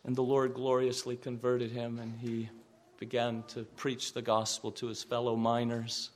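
A man's voice: medium pitch, monotone, moderate pace. A man pastor preaching a sermon with earnest emphasis, sometimes repeating words and raising his voice on quoted cries.

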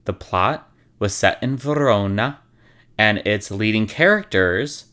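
A man's voice: fairly low pitch, animated, slow pace, sharp tone. A man hosting, telling stories in a casual, wry and sarcastic way, swearing freely. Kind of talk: casual storytelling.

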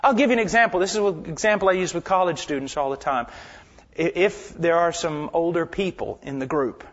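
Impassioned high-voiced male preacher. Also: moderate pace. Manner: impassioned, swinging from loud emphatic lines to hushed near-whispers. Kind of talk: sermon. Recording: dull lo-fi sermon recording.

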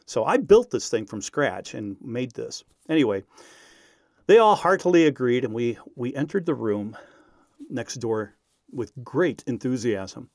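A man recounting a personal story in an animated, self-deprecating way. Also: mid-range voice, no echo, studio quality. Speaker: radio speaker.

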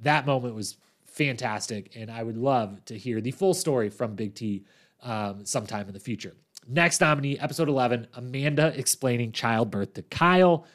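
Podcast host guy, mid pitch, chatty and animated, lots of quick asides. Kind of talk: casual podcast recap.

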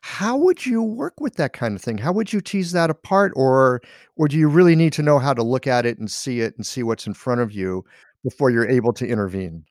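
Man, host, curious questions, lively intonation, thinking aloud. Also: mid-range voice, a little fast, no echo, studio quality. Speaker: host, interviewer. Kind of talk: casual interview chat.

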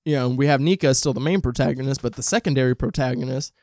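A man's voice: mid-range voice, fast, a little mellow, no room sound, studio quality. A man casually talking through a film review, chatty and enthusiastic with frequent ums and likes, at home. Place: home, dog nearby.

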